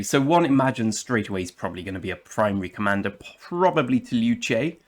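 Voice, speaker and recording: An English man hosting a game commentary video, chatty and jokey, now and then slipping into playful put-on accents. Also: on the low side. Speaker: gaming channel host.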